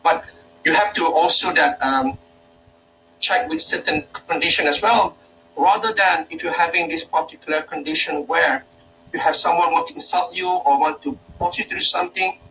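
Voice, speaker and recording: A man's voice: a little high, moderate pace, pushed and bright, distant mic, a little hiss or hum, low-quality recording. A Malaysian man, a university lecturer, giving an informal workshop talk in a hesitant way, with many fillers and restarts.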